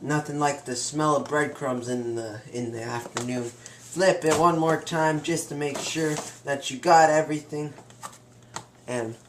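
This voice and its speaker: A man's voice: on the high side, steady tone, measured pace, slight background noise. Boastful young man in an echoey kitchen. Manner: playful, boastful, chatty. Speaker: home cook hosting a joke cooking show. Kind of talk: comic cooking demonstration. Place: home kitchen. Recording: roomy kitchen with clattering dishes. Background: faint clatter of cutlery and pans.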